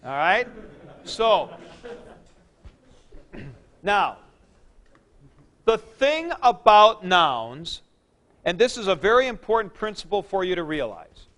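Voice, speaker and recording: A man's voice: high-pitched, big pitch swings, takes it slowly, long pauses, fairly bright tone. A man teaching a grammar lecture, explaining step by step with folksy comparisons and frequent check-ins. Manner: plain-spoken, folksy comparisons, checks in with listeners. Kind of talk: classroom lecture.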